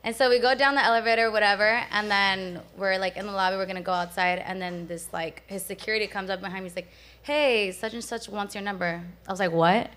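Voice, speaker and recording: A woman's voice: medium pitch, fairly even intonation, quick pace, hardly any pauses, a bit bright. A young woman guest on a podcast, telling a story in a chatty way, full of "like" fillers. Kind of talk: casual storytelling.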